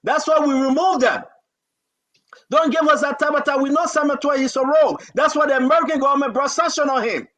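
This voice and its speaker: A man's voice: extremely high pitch, fast talker, few pauses, fairly bright tone. A man hosting a talk show, giving fervent political commentary full of pleading and scolding repetitions.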